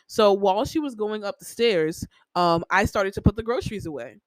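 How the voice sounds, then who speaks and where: A young woman talks through a casual podcast monologue at a middle pitch, circling back and repeating herself with many fillers. The sound is dry, with no room echo. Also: expressive, moderate pace. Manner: venting, heavy use of "like" fillers, repeats herself. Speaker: podcast host.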